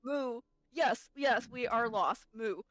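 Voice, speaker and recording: A woman voicing a lost, confused druid who has been turned into a cow, speaking slowly and mooing between her phrases. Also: fairly high pitch, a bit bright, a little hiss or hum, rough recording. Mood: lost, pleading. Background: tavern music.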